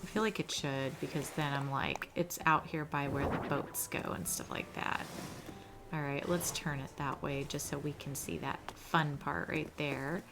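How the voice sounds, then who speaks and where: A woman's voice: deep voice, steady tone, unhurried, vocal fry, background noise. A young woman hosting a gaming channel, giving casual, chatty commentary over her gameplay in a cozy way. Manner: chatty and cozy, often says "little". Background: background music.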